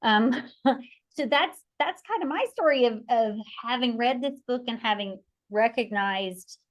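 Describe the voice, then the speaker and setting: A woman in her forties hosts a conversational podcast. She tells stories expressively, slipping into quoted voices of her family and herself. Her delivery is rambling and animated, with restarts and bursts of laughter along the way. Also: on the high side, unhurried. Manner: animated storyteller who acts out quoted voices. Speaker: podcast host.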